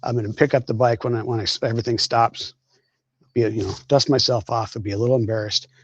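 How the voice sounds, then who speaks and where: A man on a video call from a hospital bed, calmly recounting what happened in a matter-of-fact way. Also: medium pitch, fast, husky, no room sound, dull audio. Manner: steady, matter-of-fact retelling with small restarts. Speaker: guest, crash survivor. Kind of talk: casual storytelling on a live stream.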